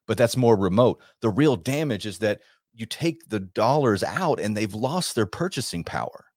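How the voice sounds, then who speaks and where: Male radio host, very low voice, dry close sound, emphatic and rambling. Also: animated, moderate pace, a little mellow, dry recording. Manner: emphatic, rambling, with frequent restarts. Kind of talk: monologue commentary.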